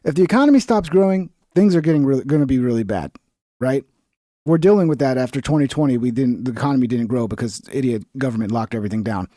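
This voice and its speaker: Blunt, profane male streamer with a mellow voice. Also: a little high, no echo, clean studio sound. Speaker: streamer host. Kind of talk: casual reaction commentary.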